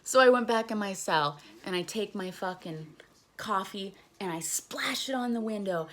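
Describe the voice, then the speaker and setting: A woman's voice: fairly high pitch, normal speed, fairly bright tone. A young woman casually telling a story on her vlog, candid and profane, retelling events with animation. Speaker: vlogger.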